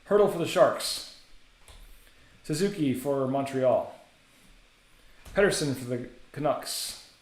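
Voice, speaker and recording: A man's voice: mid-range voice, lively intonation, slow, long pauses. Male card-break host, casual rattling delivery, echoey room. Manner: casual, chatty, rattles off names. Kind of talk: live card-break commentary.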